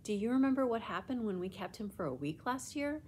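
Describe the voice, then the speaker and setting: A woman's voice: fairly high pitch, animated, a little fast, darkish tone, a little hiss or hum, pitched above the performer's own voice, lightly acted. Woman doing a kindly old grandfather.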